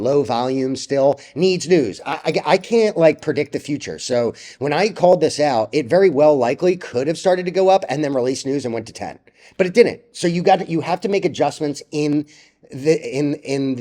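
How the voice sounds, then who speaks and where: A man's voice: mid-range voice, normal speed, warm tone. Blunt, profane stock-trading vlogger man. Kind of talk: casual ranting commentary.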